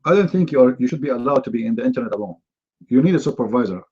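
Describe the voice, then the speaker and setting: A man's voice: mid-range voice, animated, very fast, warm tone, husky, lo-fi sound. A man hosting a heated live online debate. He talks in non-native English with fillers and repeats, and fires off mocking rhetorical questions. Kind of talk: heated live-stream commentary.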